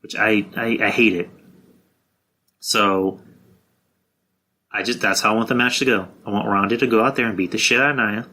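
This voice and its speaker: A man's voice: fairly low pitch, steady tone, moderate pace, long pauses, bright, forceful tone. A man hosting a podcast, talking through wrestling predictions in a blunt, profane, casual monologue. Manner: blunt and profane, with frequent restarts. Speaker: podcast host.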